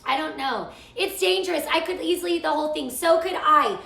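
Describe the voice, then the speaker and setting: Middle-aged woman host, chatty cooking livestream, high bright voice with some fry, echoey kitchen. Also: fairly quick. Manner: chatty, gushing, reads viewer comments. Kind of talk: live cooking stream chat.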